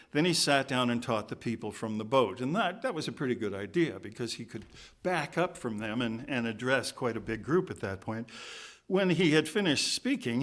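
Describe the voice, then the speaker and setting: A man's voice: mid-range voice, a bit bright. A man giving a sermon in a church, reading scripture and breaking in with informal, joking asides. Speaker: preacher. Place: church sanctuary.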